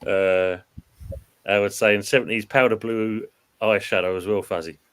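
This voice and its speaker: A man with a fairly low voice chats casually about football on a live stream, reading viewer comments aloud. He rambles, hesitates over his words and breaks into laughter often. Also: fairly even intonation, measured pace, a bit bright, clean tone.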